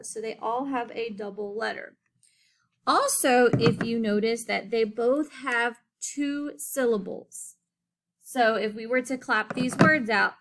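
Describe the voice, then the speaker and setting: A woman teaching a phonics lesson to children, enunciating slowly and clearly and often checking in with "okay?". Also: on the high side, a bit bright, a little hiss or hum.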